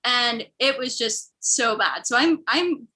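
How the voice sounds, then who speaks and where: A woman's voice: fairly high pitch, expressive, slow, sharp tone, poor audio. A young woman from the American Midwest telling a rambling, self-deprecating stand-up story. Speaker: comedian.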